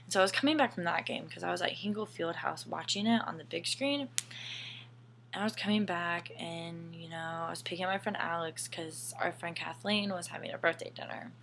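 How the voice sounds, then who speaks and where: Young woman telling a story, kinda gravelly, swears a lot, whispers asides. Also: lowish voice, a little fast, slight background noise. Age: young adult. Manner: animated, swears often, drops into whispered asides. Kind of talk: casual personal storytelling.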